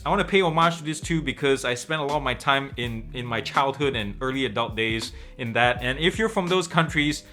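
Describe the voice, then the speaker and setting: A man's voice: mid-range voice, sharp tone. A man from Malaysia hosting a tech show, walking through a product in a chatty, explanatory way. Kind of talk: casual product review.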